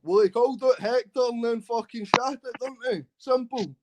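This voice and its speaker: A man's voice: very high voice, moderate pace, background noise. A man with a Glaswegian Scottish accent, calling into a livestream and talking crudely and combatively. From Glasgow, Scotland. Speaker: caller on a livestream. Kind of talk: casual chat.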